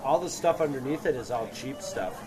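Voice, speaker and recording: A man's voice: mid-range voice, expressive, brisk, over music. A man hosting a podcast in casual chat, rambling through his points with many restarts, recorded outdoors at a public market. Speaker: podcast host. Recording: outdoor market with crowd chatter.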